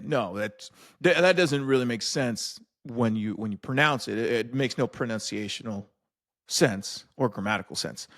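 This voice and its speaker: A young man hosting a casual Spanish lesson, joking loosely with many fillers and restarts. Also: medium pitch. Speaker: Spanish teacher and host.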